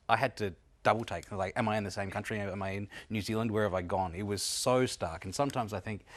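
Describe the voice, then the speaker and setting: Low-voiced Australian man telling anecdotes. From Adelaide, Australia. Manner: relaxed, anecdotal, laughs off teasing. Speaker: radio guest. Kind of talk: casual radio chat.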